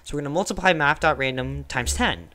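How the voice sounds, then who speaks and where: A young man casually teaching a coding lesson over a screen recording, thinking aloud with fillers and quick self-corrections. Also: fairly high pitch, bright, forceful tone.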